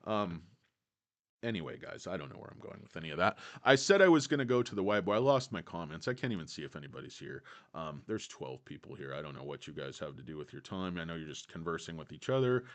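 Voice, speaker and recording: A man's voice: low-pitched, big pitch swings, fast. Rambling, foul-mouthed male streamer. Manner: rambling, profane, digressive. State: tired. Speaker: livestream host. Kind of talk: casual livestream chat.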